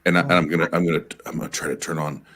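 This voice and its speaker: A man's voice: rumbling low, level tone, racing, a bit bright. A man on a remote call mic in casual, bawdy joking chat, stammering and restarting as he talks. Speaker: guest reader on a call-in stream.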